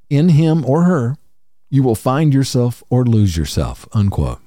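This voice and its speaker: Calm male podcast host reading quotes. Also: mid-range voice, dry recording, studio quality.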